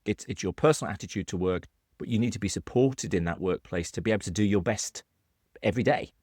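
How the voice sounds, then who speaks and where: Low-voiced British man, dry sound. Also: fast talker, a little mellow, slightly rough, no echo. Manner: earnest, explanatory, frequent restarts. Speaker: podcast co-host. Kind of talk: conversational podcast discussion.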